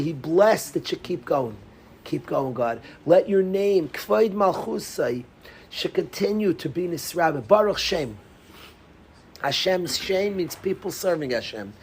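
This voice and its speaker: A man teaching a lively Torah class as a rabbi, calling on students by name and dropping to whispers. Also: on the high side, measured pace, a little hiss or hum, rough recording. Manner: animated, calls on students by name, drops to whispers.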